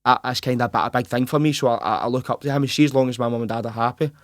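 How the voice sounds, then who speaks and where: A young Glaswegian man in his twenties talks in a quick, tumbling rush. He stays on a narrow, even pitch, restarts his sentences and keeps saying "mate". The recording is close and dry. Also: dry recording. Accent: Glaswegian Scottish. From Scotland. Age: 20s. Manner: rapid and earnest, full of restarts and "mate". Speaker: professional boxer, guest. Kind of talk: casual interview chat.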